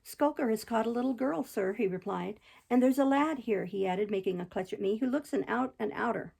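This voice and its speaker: A woman reading a gruff, hostile manservant. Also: on the high side, fairly quick, a little mellow, heavily acted. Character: gruff, hostile male servant.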